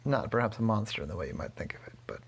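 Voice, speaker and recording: A man telling his daughter an improvised bedtime story, gentle and rambling, often correcting himself. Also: on the low side, animated, very fast, vocal fry, slight background noise.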